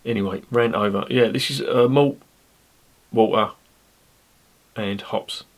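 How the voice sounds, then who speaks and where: Male beer reviewer, low-pitched, casual and rambling, throws in jokes. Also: a little slow. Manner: chatty, rambling, jokey asides.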